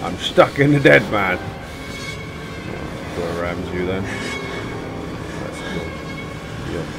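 Excitable man yelling through a horror game. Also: low voice, takes it slowly, creaky, long pauses, background noise. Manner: excitable, jokey, yelps and swears when startled. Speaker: gaming channel host. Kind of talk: let's play commentary.

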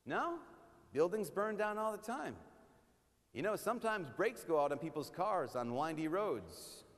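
A priest voicing a smooth-talking mobster who makes veiled threats and lets his sentences trail off. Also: sits high, big pitch swings, unhurried. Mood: menacing. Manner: insinuating, trailing off with menace. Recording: long reverb of a church hall.

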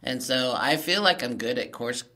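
A man hosts an interview podcast in a casual, easygoing way with some hesitations. His voice sits at a middle pitch and sounds bright and a little tense. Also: animated, normal speed. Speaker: podcast host.

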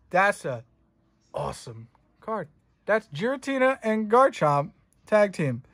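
Slow and high, with big pitch swings and a fairly bright tone, a young man hosts a relaxed card-unboxing stream. He jokes with his chat, rambling along and cursing often.

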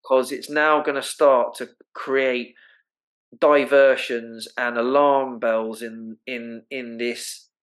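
Here the same kind of guest, a man who works as an osteopath and naturopath, talks slowly in a medium-pitched, fairly even voice during an interview conversation. He stays earnest and emphatic and acts out examples to make his points, though the audio is poor.

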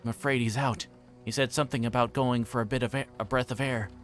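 A man's voice: medium pitch, fairly even intonation, quick pace, faint music behind, natural voice. A man doing a worried young hobbit.

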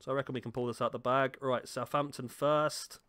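A man with a medium-pitched, steady voice speaks a little fast, his tone fairly bright. He's a gaming YouTuber chatting casually from a room at home about a football game, joking about himself and speaking directly to the players on screen.

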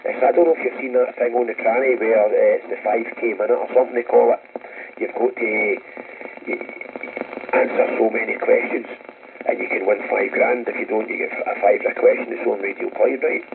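A Scottish man with a very gravelly, creaky voice, talking bluntly and swearing freely as he gives advice. He comes through a thin, tinny radio transmission with a faint hiss underneath. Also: on the low side, fairly even intonation, a little fast. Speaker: radio operator. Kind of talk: casual radio chat.

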